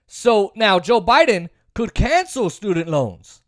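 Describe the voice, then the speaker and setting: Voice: mid-range voice, big pitch swings, slow, fairly bright tone, dry recording, studio quality. A political commentary host giving a sarcastic, opinionated monologue, repeating points for emphasis. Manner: sarcastic, mocks opponents in put-on voices.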